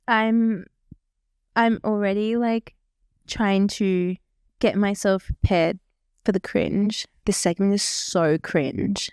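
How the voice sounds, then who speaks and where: A woman's voice: mid-range voice, steady tone, slow pace, darkish tone, smooth, no echo, clean studio sound. A woman in her twenties chatting casually as a vlogger, rambling and self-deprecating. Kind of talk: casual reaction chat.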